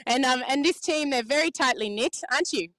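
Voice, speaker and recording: Bubbly high-voiced woman host on a dock. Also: brisk, fairly bright tone, no room sound. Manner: bubbly, laughs often, playful. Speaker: sailing reporter, host. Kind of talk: casual on-the-spot interviews. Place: outdoors on a marina dock.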